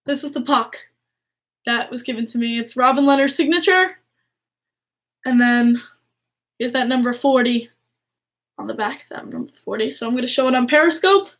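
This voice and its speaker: A young woman chatting casually to her viewers, excitable and gushing, often restarting her sentences. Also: high voice, normal speed, long pauses. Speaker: hockey fan vlogger. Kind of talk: casual chat to camera.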